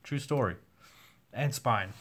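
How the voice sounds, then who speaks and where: A man's voice: medium pitch, slow, fairly bright tone. Man with a tired voice hosting a livestream. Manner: candid, swears now and then, reads chat questions aloud. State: losing his voice. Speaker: host answering viewer questions. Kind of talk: casual livestream Q&A.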